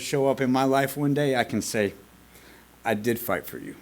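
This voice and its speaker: A man speaks at a recovery meeting in a school meeting room. His voice sits at an ordinary middle pitch. He tells his own story in a candid, earnest and confessional way, with casual swearing mixed in. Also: animated, normal speed.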